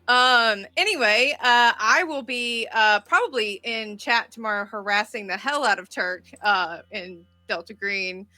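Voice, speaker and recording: A woman's voice: on the high side, measured pace, few pauses, bright, forceful tone, no room sound. A woman player signing off an online tabletop game stream, bubbly and rambling, swearing casually. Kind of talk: casual sign-off chat.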